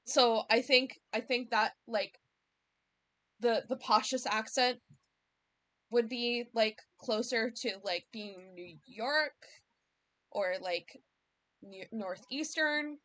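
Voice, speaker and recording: A woman from the United States talks casually to her stream in a fairly high voice. She takes her time and thinks aloud, looping back to rephrase her points as she goes. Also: takes it slowly, pauses often, fairly bright tone. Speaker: streamer and series creator. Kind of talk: casual livestream chat.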